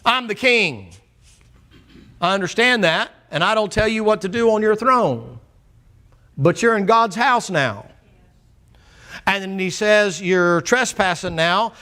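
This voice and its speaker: A preacher delivers a folksy, plainspoken sermon from the pulpit of a church. His man's voice sits a little high, and he acts out the back-and-forth of the people in his story. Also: lively intonation, measured pace, pauses often, pushed and bright. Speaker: pastor. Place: church sanctuary.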